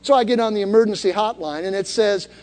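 A man's voice: high-pitched, fast talker, a little mellow, long reverb tail. A man preaching to a congregation, telling a story conversationally and building to calls for them to repeat after him. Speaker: pastor. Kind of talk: sermon. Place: church hall before a congregation.

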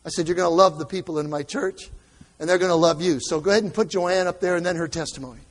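A male pastor with a notably high voice speaks straight to his congregation in a friendly, direct way. His voice carries a long hall reverb. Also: quick pace. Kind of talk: sermon.

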